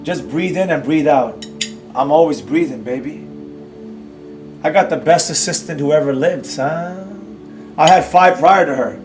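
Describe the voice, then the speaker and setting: Over music, a man with a voice on the high side hosts a live trading stream, reading and answering viewer chat. His ranting lecture scolds the audience with emphatic repeats and rhetorical questions at a measured pace with frequent pauses.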